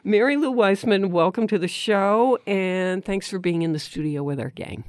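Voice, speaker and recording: A woman hosting a radio talk show in a studio, chatty and quick to laugh. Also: mid-range voice, no room sound. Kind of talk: studio interview.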